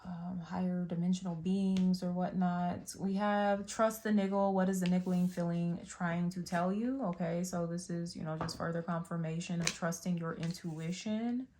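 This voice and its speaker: A woman's voice: fairly low pitch, fairly even intonation, moderate pace, few pauses, warm tone, slight background noise. A woman giving a casual spiritual tarot reading, rambling with many fillers and restarts. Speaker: tarot reader.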